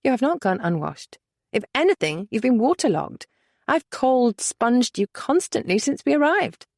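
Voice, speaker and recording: A woman voicing a strong-willed young lady with an animated, rising-and-falling voice and a brisk, gently teasing way of talking. She is a narrator's own voice lifted a little, recorded dry and close. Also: fairly high pitch, gravelly, no room sound, pitched above the performer's own voice, heavily acted. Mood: lively.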